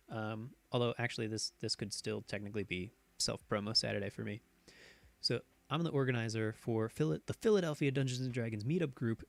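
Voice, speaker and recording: A man hosting a casual live stream, rambling with many fillers and tangents and sometimes shifting his pitch and pace to show voice tricks. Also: no echo. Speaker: host.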